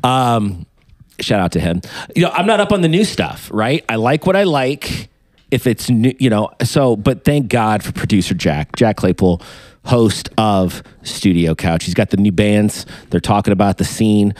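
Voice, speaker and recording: A man hosting a podcast, chatting casually and joking as he reads through sponsor shout-outs. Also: on the low side, lively intonation, moderate pace, dry recording. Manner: rambling, joking, hypes sponsors. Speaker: podcast host.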